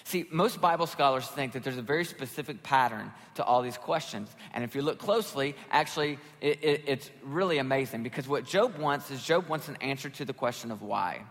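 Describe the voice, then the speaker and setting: A middle-aged pastor preaches a sermon in a lively, conversational manner, putting on voices whenever he quotes someone. His voice is mid-range, and the recording carries a long hall reverb.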